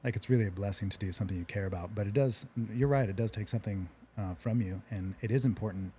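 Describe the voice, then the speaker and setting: A man hosting a relaxed interview, earnest and reflective, often restarting his sentences. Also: lowish voice, quick pace, slight background noise. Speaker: podcast host. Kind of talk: casual interview chat.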